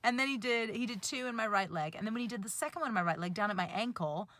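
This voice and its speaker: A woman in her thirties vlogging from inside a parked car, telling a story in an animated, giggly, chatty way. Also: medium pitch, fast. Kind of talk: casual storytelling to camera.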